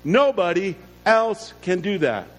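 A pastor preaching an earnest sermon, slowing down to stress key words. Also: male voice, high voice, big pitch swings. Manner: earnest preaching with slow, drawn-out emphasis. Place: church. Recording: long reverb with faint music.

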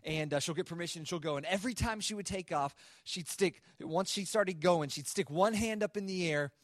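A young man giving a sermon to a student worship gathering, telling a personal story in a relaxed, conversational way with self-mocking humor and plenty of fillers. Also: high-pitched, fairly quick. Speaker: speaker at a student worship service. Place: live worship service.

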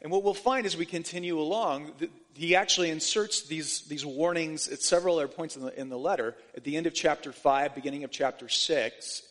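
A man's voice: fairly high pitch, brisk, few pauses, fairly bright tone. A man preaching a sermon earnestly, often restarting phrases as he explains scripture. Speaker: pastor. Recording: long hall reverb.

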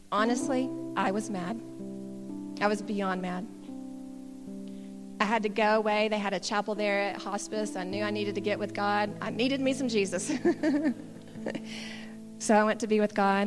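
A woman's voice: medium pitch, steady tone, moderate pace. A middle-aged woman, giving an earnest, candid testimony sermon. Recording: long hall reverb with guitar music. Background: soft guitar music.

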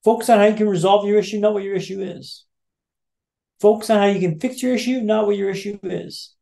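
A man with a fairly high voice tells a personal story to a podcast host. He builds tension by repeating phrases in a steady rhythm, like a practised motivational speaker. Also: a little fast, creaky.

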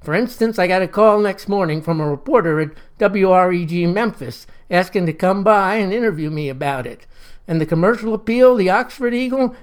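A man narrating a first-person story in a folksy, wry, deadpan manner. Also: high-pitched.

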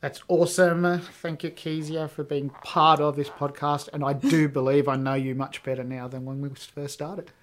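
A man hosting a podcast, telling stories in a rambling, casual way with many pauses and ums. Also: on the high side, flat delivery. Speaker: podcast host. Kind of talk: casual interview chat.

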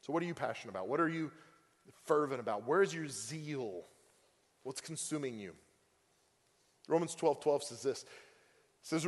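A man's voice: on the high side, a little fast. A male pastor preaching a sermon in a conversational way, full of fillers and acted-out quotes. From Oklahoma. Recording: long reverb of a church hall.

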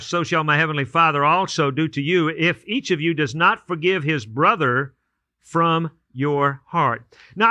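A man's voice: a little high, sharp tone, no room sound. A man preaching a sermon as a pastor, telling folksy made-up stories to make his point. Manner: storytelling with hypotheticals, folksy and repetitive.

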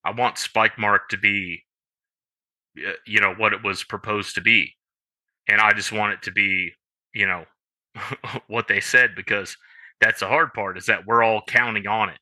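Bright-toned halting male co-host. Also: lowish voice, steady tone, no room sound. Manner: halting, many "you know" fillers. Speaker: podcast co-host. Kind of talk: casual podcast chat.

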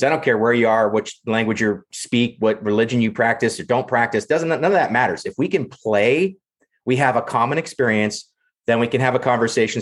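A man talking as a podcast guest, enthusiastic and storytelling, often restarting his sentences. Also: on the low side. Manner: enthusiastic storyteller, repeats words when starting. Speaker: podcast guest, play professional. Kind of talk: casual podcast chat.

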